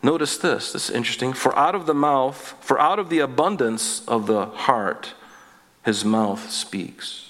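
Pastor preaching in a reverberant hall. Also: male voice, a little high, fairly bright tone. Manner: reads scripture then explains it, conversational asides. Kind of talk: expository sermon. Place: church sanctuary.

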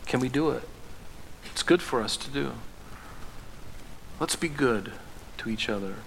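Seorang pendeta pria berkhotbah dengan gaya santai seperti mengobrol. Ia sering mengulang kata dan melontarkan pertanyaan retoris yang tegas. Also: male voice, mid-range voice, expressive, measured pace, creaky, fairly bright tone, a little hiss or hum. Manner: conversational preaching with emphatic rhetorical questions; restarts and fillers, rising to fervent prayer. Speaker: pastor. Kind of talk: sermon.

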